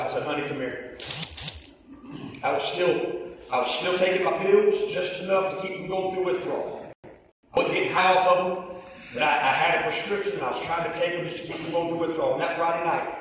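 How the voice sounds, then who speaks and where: High-voiced preacher guy telling his story, half sung half shouted, big echoey church from far back. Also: a little fast, pauses often, a little hiss or hum. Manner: swings from quiet storytelling to shouting and singing. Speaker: preacher giving testimony. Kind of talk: sermon testimony with sung hymn lines. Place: church service.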